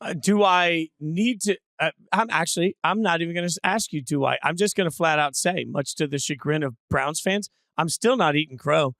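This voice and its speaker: A man's voice: on the high side, normal speed, gravelly, few pauses, fairly bright tone, no echo. A middle-aged man hosting a casual sports analysis chat, opinionated and brash in his calls. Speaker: sports show host.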